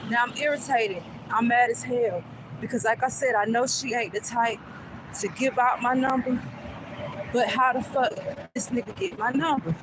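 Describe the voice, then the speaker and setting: A woman's voice: a little high, moderate pace, noisy background. A woman vlogger telling a casual storytime in a chatty way, often asking "you know what I'm saying".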